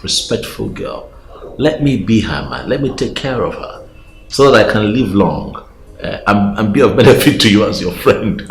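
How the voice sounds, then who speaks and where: An actor playing a smitten young prince, pleading and persuasive, with a Nigerian accent. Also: male voice, lowish voice, natural voice. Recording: roomy echo, faint background music.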